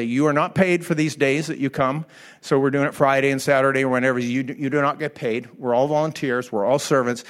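A middle-aged pastor preaches to his congregation with a slightly high voice. He tells his story in an animated way and laughs easily along the way. His delivery is a lively sermon that stays personal. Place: church hall before an audience.

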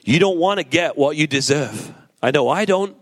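A man's voice: on the high side, lively intonation, normal speed. A male pastor giving a sermon in a conversational, storytelling way, asking the congregation rhetorical questions and repeating his points for emphasis.

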